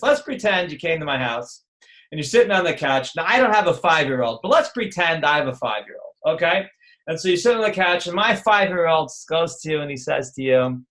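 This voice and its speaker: This online class is led by a middle-aged man whose voice runs high with a bit of brightness. He lectures informally, drifting into digressions, keeping things chatty, and performing others' voices.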